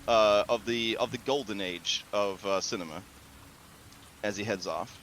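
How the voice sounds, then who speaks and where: A man narrating a tabletop game as game master, relaxed and casual, with many fillers. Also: lowish voice, unhurried, soft background music.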